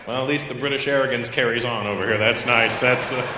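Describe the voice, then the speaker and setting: A man's voice: medium pitch, fairly even intonation, fast, few pauses. A man from Canada doing stand-up crowd work in a large venue, teasing the audience with brash, profane jabs. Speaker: stand-up comedian. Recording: roomy hall with crowd noise.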